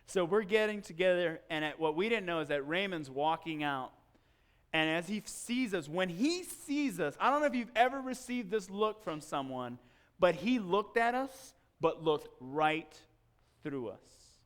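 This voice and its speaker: A male pastor delivers a sermon in church, animatedly recounting a personal story and acting out each scene. His voice sits high and moves a little slowly.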